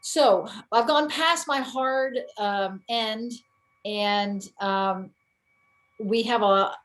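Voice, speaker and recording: A woman's voice: mid-range voice, very slow, a bit bright, poor audio. A woman from New England hosts and moderates a panel on teaching English, speaking hesitantly with many fillers.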